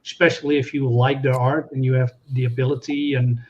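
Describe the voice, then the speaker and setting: A man's voice: mid-range voice, flat delivery, a little fast, darkish tone. A man co-hosting a live stream, agreeing easily and hesitating over his words, with lots of fillers. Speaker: streamer co-host. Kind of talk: casual live-stream chat. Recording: dull lo-fi audio.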